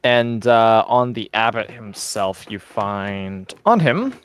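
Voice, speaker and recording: A man running a tabletop game as game master, narrating in a relaxed, casual way. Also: fairly low pitch, slow pace, smooth. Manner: relaxed, casual, swears offhand.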